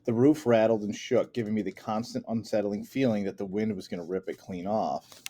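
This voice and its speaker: Male audiobook narrator, low register, earnest first-person reading. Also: fairly even intonation, a little fast, mellow.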